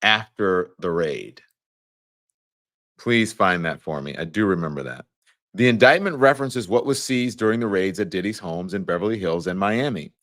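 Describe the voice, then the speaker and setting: A man's voice: low voice, lively intonation, fairly bright tone. A man hosting a talk show, reading a document aloud and adding playful, chatty asides to his viewers. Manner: playful, quick to crack jokes. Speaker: show host. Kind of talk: live news commentary talk show.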